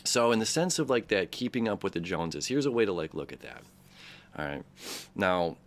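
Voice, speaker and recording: A man's voice: deep voice, sing-song, a little fast. A man hosting an astrology talk, loose and conversational, full of fillers and restarts, often checking in with "right?" and "okay?". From Detroit, Michigan area. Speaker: astrology channel host. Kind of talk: casual rambling commentary.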